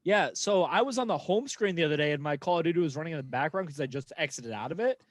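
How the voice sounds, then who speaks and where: Older man with a high, youthful voice. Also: fast, no echo, studio quality. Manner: animated storyteller, laughs often. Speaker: podcast co-host. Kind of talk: casual chat.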